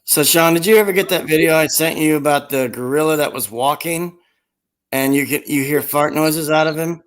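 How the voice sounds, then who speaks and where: A man's voice: a little high, normal speed, rough recording. Rambling man in casual chat. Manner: rambling, laughs at own stories.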